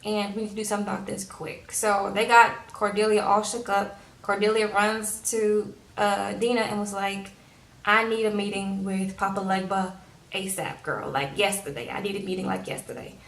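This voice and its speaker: This TV recap vlogger, a young Louisiana woman, sassily walks through an episode in casual chat, performing the characters' lines herself. Her mid-range voice stays level in tone and a bit bright, moving at normal speed. The room has noticeable echo.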